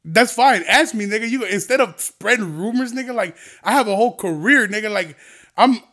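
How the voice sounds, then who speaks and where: A young man hosting a podcast, ranting profanely and heatedly, swinging between low mutters and loud outbursts. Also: animated, a little fast. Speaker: podcast host.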